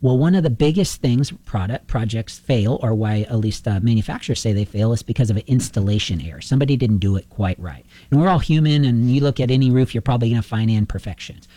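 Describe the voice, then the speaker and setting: A man's voice: mid-range voice, fast, few pauses, no room sound. A man, a roofing contractor, telling a long anecdote in a casual interview and acting out both sides of the conversations. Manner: animated anecdotal storyteller, acts out dialogue.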